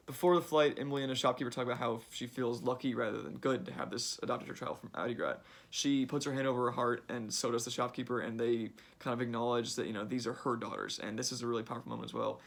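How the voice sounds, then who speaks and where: A man's voice: mid-range voice, fast, creaky, fairly bright tone. A young man giving a casual summary of a book he read, chatty and full of fillers like "like" and "uh".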